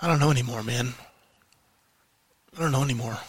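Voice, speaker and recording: Man, frustrated vlog rant, swears a lot, repeats himself, husky voice, dry close sound. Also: mid-range voice, no echo. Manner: heated, swearing, repeats phrases, emphatic pauses. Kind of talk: frustrated political rant to camera.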